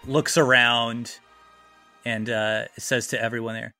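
A man running a tabletop game as game master, narrating in an animated, profane, rambling way. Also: mid-range voice, slow pace, soft background music.

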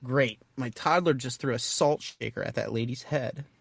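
A man's voice: medium pitch, normal speed, gravelly, breathy edge, dry recording. Grumpy Australian dad reading his book aloud, strained exaggerated accent, done by a podcast host, dry close sound. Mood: grumbling. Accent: put-on Australian.

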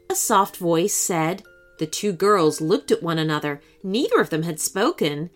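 A woman narrating a children's bedtime story in an expressive, storytelling manner. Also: on the low side, measured pace, faint music behind.

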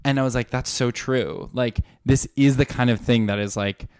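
A man co-hosting a podcast in casual chat, animated, breaking into high laughing quotes. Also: a little fast, clear, resonant tone, no room sound, clean studio sound. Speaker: podcast co-host.

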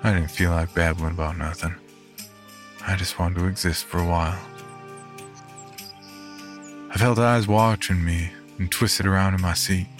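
A man with a very low, deep voice reads a first-person horror story. He narrates in a reflective, measured manner, with soft music under him. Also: steady tone.

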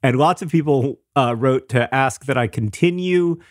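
A man co-hosting a comedy podcast, teasing in a wry, deadpan way during casual chat. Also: medium pitch, normal speed, no room sound, clean studio sound. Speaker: podcast co-host.

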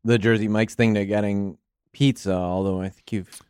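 Deadpan male co-host, resonant and dry. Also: fairly low pitch, moderate pace, clean tone, no echo. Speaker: podcast co-host. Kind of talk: improvised comedic banter.

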